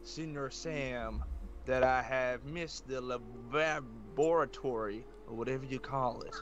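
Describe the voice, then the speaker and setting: A man's voice: medium pitch, unhurried, fairly bright tone, highs cut off, lightly acted. A man voicing a rambling, grandiose drunken man in a tabletop role-play.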